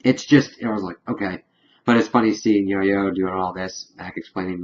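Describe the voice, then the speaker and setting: A deep-voiced man gives a casual, spoiler-filled review of a TV episode, rambling and excitable as he retells scenes with quick paraphrased quotes. The highs are cut off and there's a little hiss or hum.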